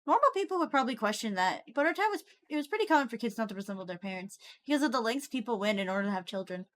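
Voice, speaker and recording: Animated woman streamer reading horror aloud. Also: fairly high pitch, rapid-fire. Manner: animated, breaks into laughter and jokes.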